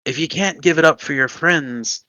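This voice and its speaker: A man voicing a taunting male devil who bargains for souls. He speaks slowly and quietly, with a mocking edge. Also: fairly high pitch, no echo, voice pushed up.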